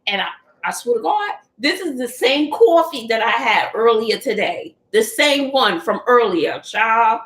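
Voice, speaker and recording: Speaking a little slowly in a slightly high, fairly bright voice with big pitch swings, this middle-aged Texas woman hosts a casual livestream from home in an echoey room. Using a phone or computer mic, she laughs often and addresses viewers as honey and child.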